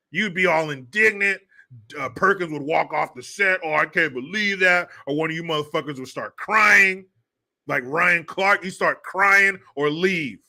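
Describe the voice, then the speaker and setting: A man's voice: a little high, sharp tone. A man hosting a livestream, ranting in profane, mocking commentary. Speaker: livestream host.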